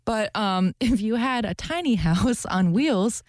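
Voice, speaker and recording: A woman's voice: a little high, lively intonation, takes it slowly, a little mellow, no room sound, clean studio sound. A young woman co-hosting a radio show, chatting casually and animatedly, often laughing. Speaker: radio co-host. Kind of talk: casual chat.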